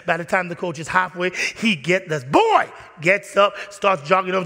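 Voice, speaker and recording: A man preaching a sermon in a church, animated and playful, acting out little scenes. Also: sits high, normal speed, slight background noise. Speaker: pastor. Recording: long reverb of a church hall.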